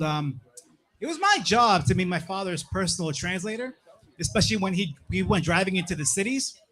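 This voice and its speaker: Young man, stand-up comic, high voice, laid-back, says "man" and "right?" a lot, club stage, handheld mic. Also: very animated, fairly quick, a bit bright. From Plymouth, Massachusetts. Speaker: stand-up comedian. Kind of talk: stand-up comedy set.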